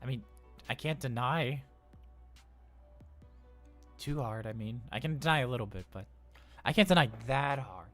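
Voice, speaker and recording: A man's voice: mid-range voice, expressive, moderate pace, pauses often, fairly bright tone, faint music behind, lightly acted. A man voicing an anxious, cheerful male robot daycare attendant on a live role-play stream, chatty and flustered, rambling with stammers. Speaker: livestream role-player.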